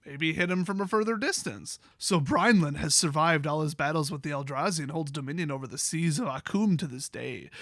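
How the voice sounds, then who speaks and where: Man, Wisconsin accent, high voice, sarcastic jokey review host, dry close sound. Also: a little fast, few pauses, a bit bright, no echo. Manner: sarcastic, joking asides between read-out passages. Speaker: YouTube host. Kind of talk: comedic card lore review.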